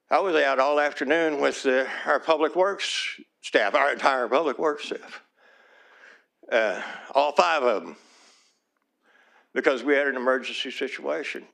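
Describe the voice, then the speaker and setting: At a city council meeting, a man who serves as a small-town mayor offers public comment in a creaky, pushed, bright voice of medium pitch. His tone is earnest and imploring, growing emotional each time he restates what he's asking for.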